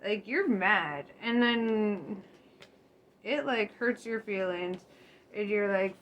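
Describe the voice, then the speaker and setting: A woman's voice: mid-range voice, slow pace, fairly bright tone. Laughing, swearing young woman reading tarot. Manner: laughs often, swears freely, loose and chatty. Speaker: tarot reader. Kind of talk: casual tarot reading to viewers. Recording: faint background noise.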